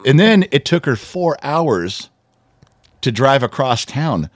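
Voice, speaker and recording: A middle-aged man co-hosting a casual podcast, telling a family story with lively, animated delivery and acting out what others said. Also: mid-range voice, takes it slowly, no echo, clean studio sound. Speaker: podcast co-host. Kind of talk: casual chat.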